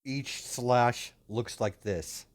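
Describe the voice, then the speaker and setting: A man's voice: medium pitch, extremely slow. A man improvising a fan story narration, rambling and hesitant with many restarts.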